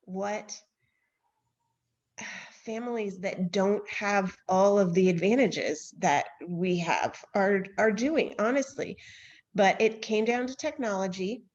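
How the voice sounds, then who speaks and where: A woman in her thirties co-hosts a casual podcast and tells stories candidly, poking fun at herself and sighing or laughing between phrases. Her voice sits at an everyday pitch and comes through a slightly dull, lo-fi video-call line. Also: a little mellow. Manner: candid, self-deprecating storyteller who laughs and sighs often. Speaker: podcast co-host. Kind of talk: casual chat.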